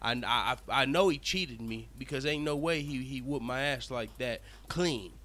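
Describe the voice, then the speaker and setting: A man voicing a brash, boastful male fighter who gloats and curses in loud bursts. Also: mid-range voice, normal speed, natural voice. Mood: scheming.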